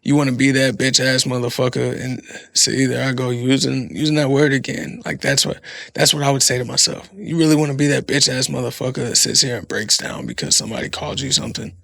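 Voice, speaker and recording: A man's voice: mid-range voice, steady tone, fast, vocal fry, fairly bright tone, dry recording. A man hosting a podcast, talking in a casual, rambling monologue full of profanity. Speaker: podcast host.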